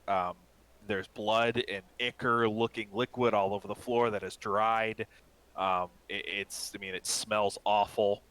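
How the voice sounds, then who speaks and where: A man with a low but bright, forward voice narrates a tabletop game scene as game master. He rambles casually, stacking fillers and restarts. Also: low-quality recording.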